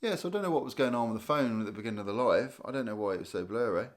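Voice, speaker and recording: A man's voice: medium pitch, animated, racing. A man from Guernsey hosting a casual live stream, tired and chatting loosely as he reads viewer comments aloud. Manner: chatty, rambling, thinks aloud with restarts and small laughs. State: tired, yawning. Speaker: livestream host.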